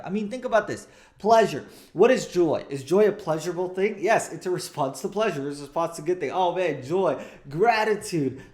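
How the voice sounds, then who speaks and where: A man in his thirties, a coach, giving an emphatic motivational talk and repeating key phrases for stress. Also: a little high.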